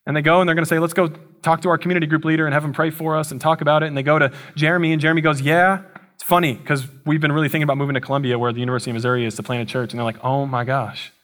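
Male pastor, slightly higher voice, casual sermon storytelling. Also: level tone, rapid-fire, fairly bright tone. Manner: casual storytelling with slangy asides.

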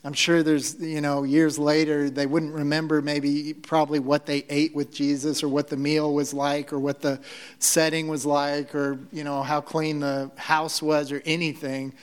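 A man's voice: a little high, flat delivery, moderate pace, clean tone. A man preaching a sermon in a conversational, joking way, often restarting his sentences. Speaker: pastor.

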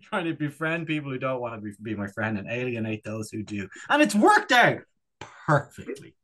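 A man's voice: medium pitch, wildly swooping pitch, moderate pace, bright, forceful tone. A man from Ireland, a podcast co-host chatting casually, rambling and joking with lots of fillers and restarts. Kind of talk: casual chat.

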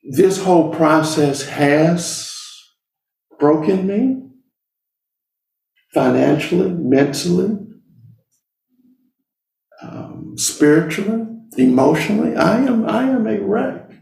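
A middle-aged man telling a personal story to an audience, speaking slowly and earnestly with long deliberate pauses. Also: high-pitched, lively intonation, gravelly, a little mellow. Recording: roomy sound from a distant mic.

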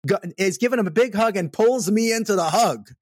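Man, animated storyteller, emphatic, fairly high voice, dry sound. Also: a little fast, dry recording. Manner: animated, emphatic, repeats "okay?" for effect. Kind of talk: storytelling in casual conversation.

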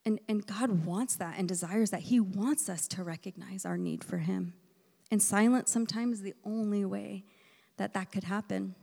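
A woman delivers a sermon from a church sanctuary, her words ringing with long reverb through the hall. Her voice carries a gravelly, creaky texture. She shifts between loud, emphatic lines and soft, breathy near-whispers as she tells a personal story. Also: mid-range voice, normal speed. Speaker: preacher.

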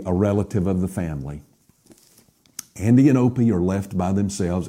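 A man delivers a sermon in a low, mellow voice with a husky edge. He swells into emphatic lines and sinks to near hushes. A faint guitar plays softly behind him. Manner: preaching with rising emphasis and hushed drops. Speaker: pastor.

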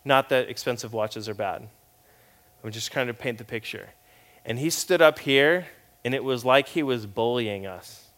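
Animated storytelling male preacher. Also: medium pitch, moderate pace. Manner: animated, conversational storytelling with big swings in volume. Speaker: pastor. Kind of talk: sermon.

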